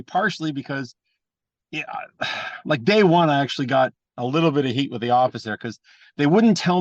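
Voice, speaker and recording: Fast-talking, blunt wrestler guest. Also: male voice, medium pitch, dry recording, highs cut off. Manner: animated anecdotes with mimicked voices; profane and blunt. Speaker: guest, pro wrestler and trainer. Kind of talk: casual storytelling interview.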